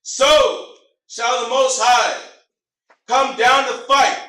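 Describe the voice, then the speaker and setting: A man reading scripture aloud in a class, slow and halting. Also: extremely high pitch, bright, forceful tone. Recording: roomy sound from a distant mic.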